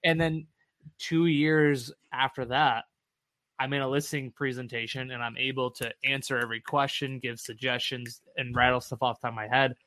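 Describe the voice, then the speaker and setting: A man co-hosting a casual podcast about real estate, animated and candid, acting out his past self and swearing freely. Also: mid-range voice, moderate pace, dry recording.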